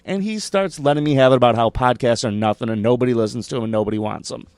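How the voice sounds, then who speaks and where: A man telling a story as a comedian guest on a casual podcast, animated and swearing, acting out the quotes as he goes. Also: mid-range voice, quick pace, no echo, studio quality.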